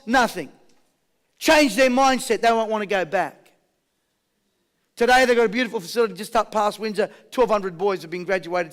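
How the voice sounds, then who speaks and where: A man with an Australian accent giving a high-energy motivational seminar, rallying a live audience with questions and call-and-response. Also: a bit bright. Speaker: motivational speaker.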